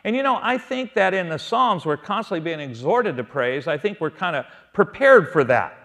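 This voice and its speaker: Male Bible teacher, slightly raised pitch, question-and-answer teaching style. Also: big pitch swings, normal speed, a bit bright. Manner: asks the audience questions and answers them, stretching key words.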